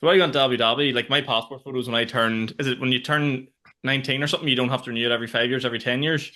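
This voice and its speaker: A young man, co-hosting a comedy podcast and telling stories in a loose, animated way. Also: mid-range voice, racing. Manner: animated storytelling, swears freely. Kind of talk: casual comedic chat.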